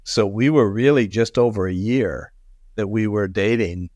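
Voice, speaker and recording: A man's voice: fairly low pitch, normal speed, darkish tone, no room sound, muffled recording. Storytelling male guest, dry close sound. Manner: explanatory, storytelling, laughs easily. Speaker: guest expert. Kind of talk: conversational podcast interview.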